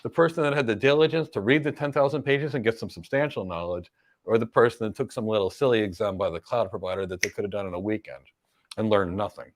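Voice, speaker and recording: A man's voice: fairly low pitch, fast talker. A middle-aged man with an American accent hosting a live Q&A and giving career advice in an emphatic way, full of rhetorical questions. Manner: emphatic, rhetorical questions, repeats key points. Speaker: cloud career coach and host.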